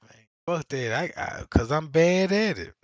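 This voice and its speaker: A man's voice: expressive, a little slow, no room sound, dull audio. A man hosting a livestream, telling crude comic stories in a rambling way, swearing constantly and laughing as he goes. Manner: profane, laughs often, keeps asking "you know what I'm saying"; acts out quoted voices in exaggerated pitch. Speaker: comedic livestream host.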